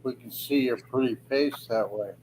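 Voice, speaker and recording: A man on a livestream video call, making slow, dry remarks. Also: medium pitch, darkish tone, a little hiss or hum, poor audio. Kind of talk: casual livestream chat.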